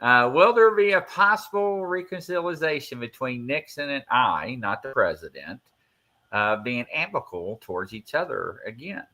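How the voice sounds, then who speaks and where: A man's voice: medium pitch, sing-song, moderate pace, pushed and bright. A man hosting a casual live podcast, reading listener questions and teasing his co-hosts with a playful, laughing manner.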